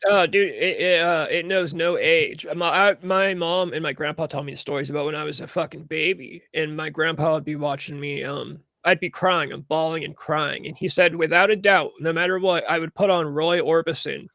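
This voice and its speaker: Gravelly, laid-back podcast guy. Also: on the high side, fairly even intonation, normal speed, few pauses, bright, forceful tone, no room sound, studio quality. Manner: laid-back, laughs along, rambling anecdotes. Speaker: podcast co-host. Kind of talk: casual chat.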